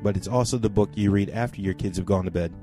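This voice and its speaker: A man with a lowish, mellow voice reads a listener's letter aloud on a podcast, leaning into the words for emphasis. Faint music plays underneath. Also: fast talker. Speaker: podcast co-host. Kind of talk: reading a listener email aloud, then casual chat.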